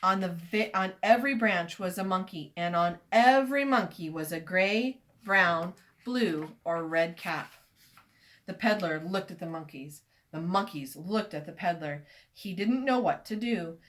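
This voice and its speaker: Slow, expressive woman reading a picture book. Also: on the low side. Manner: slow, expressive, invites listeners to join in. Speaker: storyteller reading to children. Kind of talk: children's story read-aloud.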